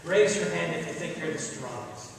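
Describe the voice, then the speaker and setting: A man's voice: fairly high pitch, lively intonation, moderate pace, creaky, a little hiss or hum. A male pastor leading a children's message, coaxing children to take part and then telling a story. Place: large church sanctuary. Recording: echoey church hall from far off.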